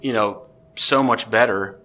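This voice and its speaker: A man, a podcast guest, telling a story in a casual, excitable way with many restarts. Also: on the low side, unhurried.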